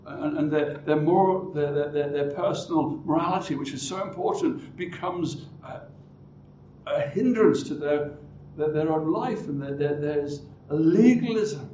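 A man's voice: fairly high pitch, measured pace, warm tone, slight background noise. A man preaching a sermon in a church, acting out the voices of the people he quotes and often restarting his words. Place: church hall. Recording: roomy hall, distant mic, dull sound.

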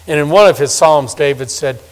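A man in his sixties preaching a sermon, swinging from loud emphasis to hushed, soft asides. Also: on the high side, fairly quick. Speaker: pastor. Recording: long reverb of a large hall.

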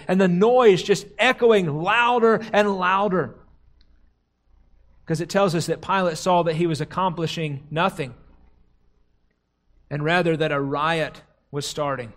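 A man preaching a sermon as a pastor, slowing down and dropping low to stress key words. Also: a bit bright. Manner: slows and drops low for emphasis, quotes crowd cries dramatically.

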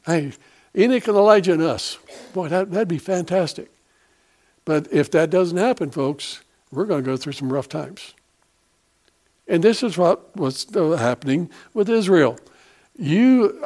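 A man's voice: on the high side, darkish tone. Folksy preacher man, rambling. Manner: folksy, rambling, many fillers and restarts. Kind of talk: sermon.

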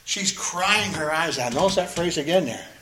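An earnest, emphatic man preaches, reading scripture aloud and unpacking it phrase by phrase. His voice sits slightly high for a man and often repeats words to drive a point home. The sound carries a noticeable room echo. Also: animated, normal speed, sharp tone, a little hiss or hum. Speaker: pastor. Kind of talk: expository sermon, reading and explaining scripture.

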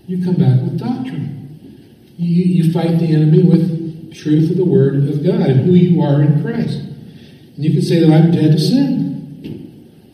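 A male preacher with a dark, mellow voice set a little high, delivering a sermon. He repeats key phrases and asks the listeners questions. The sound is distant, with a long reverb from a large hall. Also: a little slow, pauses often. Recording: echoey hall, voice from far off.

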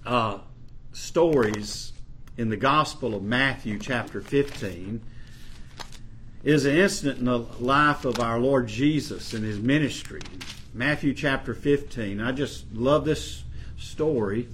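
A man's voice: mid-range voice, fairly bright tone, a little hiss or hum. A man preaching a sermon, reading scripture and explaining it in an earnest way that rises for emphasis. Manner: slow, earnest, rising to emphasis on scripture quotes.

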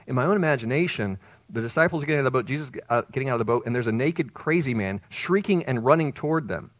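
A man's voice: medium pitch, dry recording. A man preaching a sermon as pastor, explaining and retelling a story with emphatic swells on key words.

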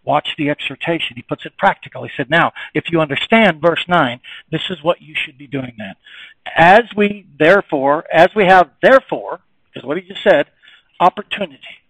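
A man preaching a sermon, emphatic and repetitive, swinging between quiet reflection and raised, insistent passages. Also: a little high, normal speed, no room sound, rough recording.

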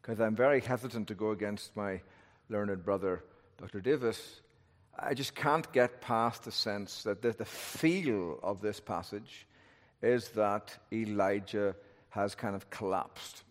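A man's voice: on the low side, unhurried. Man preaching in a reverberant hall. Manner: thoughtful, conversational, asks rhetorical questions. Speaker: pastor. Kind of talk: expository sermon. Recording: long reverb of a large hall.

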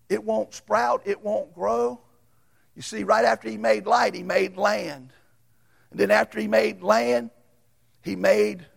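A man preaching a sermon as a Baptist pastor, folksy and storytelling, swinging from loud to hushed. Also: sits high, creaky, husky.

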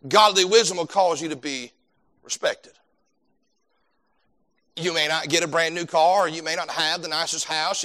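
Bright-voiced fervent male preacher. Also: on the high side. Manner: fervent, repeats words while building points. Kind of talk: sermon.

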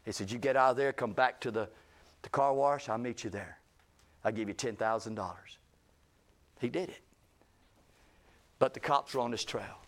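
A man's voice: medium pitch, normal speed, long pauses. A male pastor telling a story in a sermon, acting out the people he quotes with rising intensity. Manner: animated, acts out quoted speech with rising intensity.

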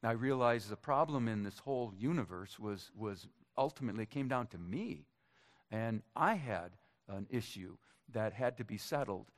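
A middle-aged man from Minnesota giving a personal testimony to a church congregation, in a conversational, halting way with light jokes. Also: fairly low pitch, animated. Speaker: church speaker.

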